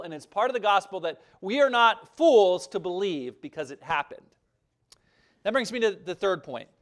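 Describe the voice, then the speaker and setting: A man preaching a sermon as pastor, earnest and emphatic, swelling louder and dropping soft. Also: high voice. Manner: earnest, emphatic preaching with rising and falling intensity.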